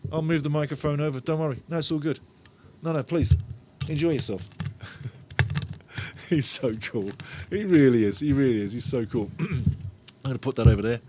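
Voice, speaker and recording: A man's voice: medium pitch, dark tone, a little hiss or hum. A middle-aged man hosting a live football watch-along, chatting and bantering as he reads out viewer comments with a jokey, sarcastic streak. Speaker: fan channel host of a match watch-along. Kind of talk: live-stream chat and match talk.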